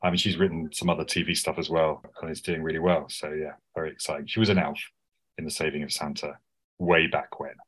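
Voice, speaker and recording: Male podcast co-host, deep voice, chatty and enthusiastic. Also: little pitch movement, fast, a bit bright, slightly rough. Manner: enthusiastic, rambling with restarts. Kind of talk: casual chat.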